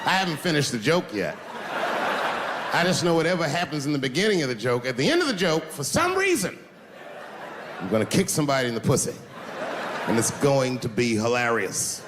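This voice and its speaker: A male comedian working a live stage with animated, profane storytelling, his voice jumping high and low. It sounds like a large hall with long reverb and a lot of background noise. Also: brisk, long pauses. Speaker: stand-up comedian. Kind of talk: stand-up comedy. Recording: reverberant hall with noisy ambience.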